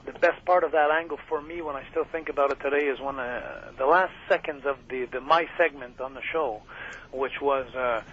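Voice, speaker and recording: A man's voice: mid-range voice, fairly even intonation, brisk. A man guest telling wrestling stories in a loose, rambling way, full of fillers and laughter. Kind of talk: casual storytelling interview. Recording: muffled radio broadcast with faint hiss.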